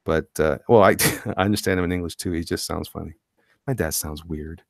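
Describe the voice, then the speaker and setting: A man co-hosting a casual podcast chat, telling rambling, animated stories. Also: deep voice, a little fast, creaky, no room sound, clean studio sound. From Tampa, Florida. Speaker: podcast co-host.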